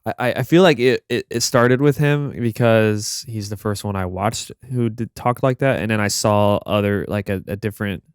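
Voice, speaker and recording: A young man co-hosting a podcast, chatting casually with halting restarts and swearing. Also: fairly low pitch, clear, resonant tone, no echo, studio quality. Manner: rambling, profane, halting restarts. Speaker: podcast co-host. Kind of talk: casual chat.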